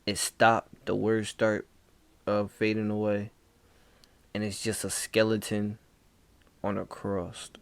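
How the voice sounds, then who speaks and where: A man telling a spooky story in a laid-back, hushed casual way, dropping "bro" often. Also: fairly low pitch, completely flat delivery, takes it slowly, long pauses, smooth, no echo. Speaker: vlogger.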